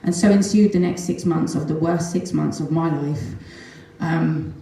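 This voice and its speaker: A woman's voice: deep voice, measured pace, a little hiss or hum. Earnest mother in an echoey room. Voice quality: earnest, animated, with frequent ums and nervous laughs. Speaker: mother giving a testimonial. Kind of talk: emotional personal storytelling talk. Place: large echoey room at a talk event.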